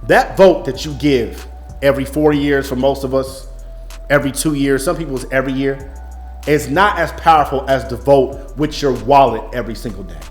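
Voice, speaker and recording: A man delivering an impassioned, blunt, profane monologue as a music business coach. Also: medium pitch. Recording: echoey room, faint music.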